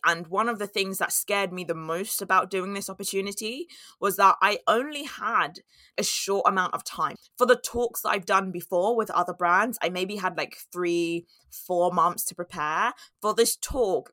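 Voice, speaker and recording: A woman tells her story in a candid, unhurried way. Her voice sounds bright and forward. The recording is dry and close, with no room around it. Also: fairly low pitch, no echo. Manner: candid and storytelling, with laughs and acted-out inner voices. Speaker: podcast host. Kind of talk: reflective solo talk.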